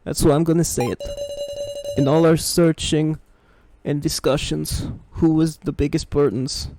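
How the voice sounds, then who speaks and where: A man doing a gruff confrontational tough guy. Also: fairly high pitch, steady tone, unhurried, background noise, pitched above the performer's own voice. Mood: stern. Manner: rough slangy drawl, clipped words. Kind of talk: voice acting game dialogue. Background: game music.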